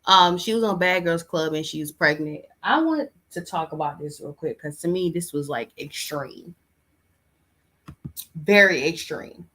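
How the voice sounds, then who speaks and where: Woman podcast host, lower voice, emphatic, exasperated commentary. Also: animated, unhurried, fairly bright tone. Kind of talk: casual reaction commentary.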